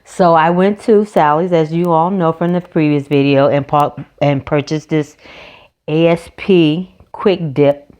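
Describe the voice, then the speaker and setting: A woman's voice: sits low, steady tone, measured pace, a little mellow, clean tone. A woman chatting casually in a nail vlog, rambling through a story with restarts and self-corrections. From North Carolina, USA. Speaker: nail vlogger. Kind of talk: casual chat. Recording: background guitar music.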